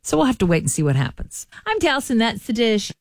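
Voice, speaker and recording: A woman's voice: fairly high pitch, big pitch swings, a little fast, heavy background noise. A woman hosting a morning radio show, chatty and folksy. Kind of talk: morning radio entertainment chat.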